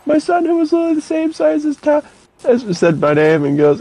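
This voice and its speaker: A man's voice: very high voice, quick pace, dark tone, poor audio. A man telling a funny story in casual chat, laughing often and acting out quotes with a raised voice.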